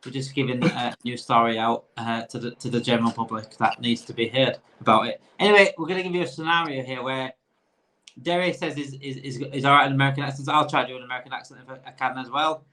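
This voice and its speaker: A man's voice: medium pitch, fairly even intonation, quick pace, pushed and bright. A man co-hosting a casual podcast, often laughing and restarting his sentences. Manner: laughing, hesitant, repeats words. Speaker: podcast co-host.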